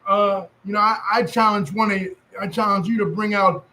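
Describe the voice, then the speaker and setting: Man doing a sassy young New York woman, heavy accent, raised pitch. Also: steady tone, moderate pace, pushed and bright, slight background noise, poor audio. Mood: challenging.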